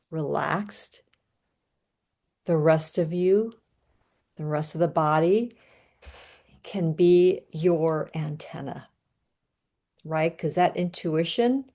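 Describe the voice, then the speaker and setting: Calm woman leading breathwork, low voice, takes her time. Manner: calm, soothing, unhurried. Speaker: astrology reader. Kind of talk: guided breathing and astrology talk.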